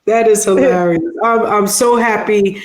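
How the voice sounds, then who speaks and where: A woman's voice: medium pitch, steady tone, normal speed, a little mellow, echoey room. A woman hosting an interview podcast, asking questions and reading sponsor copy. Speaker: podcast host.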